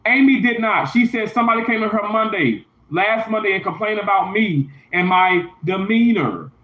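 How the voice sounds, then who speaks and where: A man's voice: high-pitched, moderate pace. A man livestreaming from a hotel room, venting in an emphatic, repetitive, indignant way. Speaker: YouTuber livestreaming. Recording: roomy, dull lo-fi sound.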